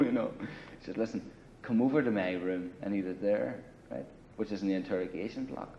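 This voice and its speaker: This man's pitch is fairly low, and he talks briskly with few pauses, a little hiss or hum behind him. As an interviewee in a grungy apartment, he rambles casually through a long war story, cursing and dropping plenty of "you know" and "right." It's dull lo-fi audio from a 1980 film.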